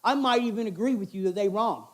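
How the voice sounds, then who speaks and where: A man's voice: high voice, quick pace. A middle-aged man giving an informal, earnest sermon in a conversational, repetitive way. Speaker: chapel speaker.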